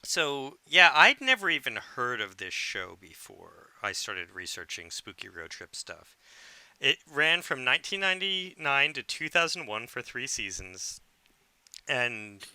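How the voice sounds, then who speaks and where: A man co-hosts a podcast in easy, casual chat, chatty and quick to poke fun at himself. His voice is very bright and smooth. The sound is dry and close. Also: medium pitch, dry recording. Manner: chatty and self-deprecating, laughs easily. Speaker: podcast co-host.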